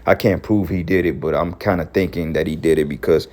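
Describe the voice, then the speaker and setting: Low voiced guy preaching hard, cussing a lot, scolding folks, gets loud. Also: fairly even intonation, brisk. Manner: profane, scolding, rising to shouts. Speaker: online street preacher. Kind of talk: fiery reaction commentary and preaching.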